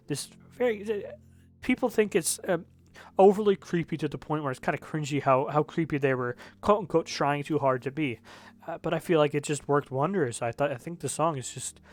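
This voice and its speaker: A man reviewing songs in casual commentary, rambling and correcting himself, with the odd swear word. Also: a little high. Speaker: music reviewer.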